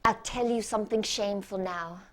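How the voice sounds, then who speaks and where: A woman playing a self-doubting hospital doctor in a stage monologue, halting and stammering with restarts. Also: medium pitch, a bit bright. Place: stage performance.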